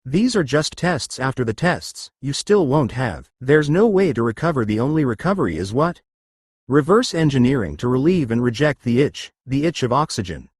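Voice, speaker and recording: A man's voice: mid-range voice, very animated, moderate pace, slightly rough, no room sound, studio quality. A man teaching an exercise lesson, explaining and often checking whether listeners follow. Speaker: exercise instructor.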